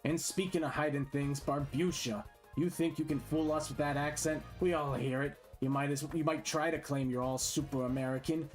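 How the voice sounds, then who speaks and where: A man's voice: a little high, steady tone, normal speed, soft background music, natural voice. A man voicing a sleazy, sweaty, wheezing male political candidate who heckles his rivals in a brash, dismissive way.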